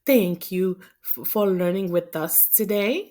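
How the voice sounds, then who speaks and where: A middle-aged Haitian woman teaching young children phonics, sounding out letters and words slowly and clearly. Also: on the low side, warm tone.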